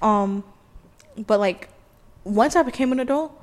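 Young woman, early twenties, podcast co-host; upbeat casual chatter, higher-pitched voice. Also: a little slow, long reverb tail. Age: 20s. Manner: animated, laughs often, lots of "like". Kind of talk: casual chat.

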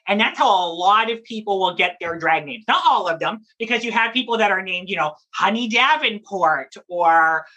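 A woman who performs in drag and reads at story time, chatting in a lively, playful interview and laughing often. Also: medium pitch, moderate pace, hardly any pauses.

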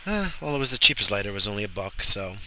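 A man's voice: fairly low pitch, sing-song, rapid-fire, sharp tone, a little hiss or hum. A tired, yawning man rambling jokingly and with lots of swearing as he vlogs from inside his car. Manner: rambling, profane, jokey. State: exhausted, yawning. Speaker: vlogger. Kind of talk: casual rambling vlog while driving.

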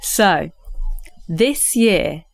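A woman's voice: lowish voice, animated, extremely slow, vocal fry, no room sound. A woman co-hosting a comedy podcast, gleefully telling a silly prank story and laughing at her own jokes. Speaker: podcast co-host. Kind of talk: comic storytelling chat.

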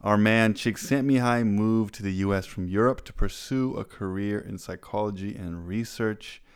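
A man's voice: fairly low pitch, normal speed, smooth. A man co-hosting a podcast, chatty and playful while explaining background. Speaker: podcast co-host. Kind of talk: casual podcast chat.

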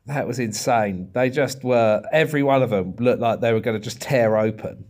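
A man's voice: mid-range voice, normal speed, darkish tone. A man, co-hosting a casual comedy podcast and telling wry, self-pleased stories from his stand-up gigs. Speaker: co-host, stand-up comic.

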